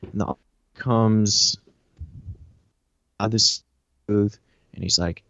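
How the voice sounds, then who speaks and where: A man in an interview recounting a personal story, animated and profane, with lots of "you know" and "I'm like". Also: fairly low pitch, slow pace, creaky, no room sound, muffled recording. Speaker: interview guest.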